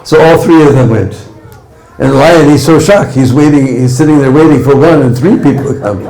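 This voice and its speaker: A man's voice: medium pitch, brisk, warm tone, roomy sound, rough recording. A man preaching a devotional story sermon, often tagging lines with "hmm?" and "huh?".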